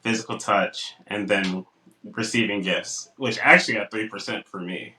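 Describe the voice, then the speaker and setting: A man's voice: fairly low pitch, normal speed, reverberant, far from the mic, poor audio. A young man co-hosting a casual podcast, telling stories and acting out what people said to him. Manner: animated storytelling, acts out quotes. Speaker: podcast co-host.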